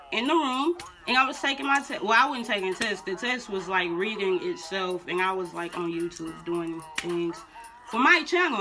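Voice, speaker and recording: A young adult woman vlogger telling a storytime in blunt, slangy, animated casual talk. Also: fairly high pitch. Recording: music playing under the voice. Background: music.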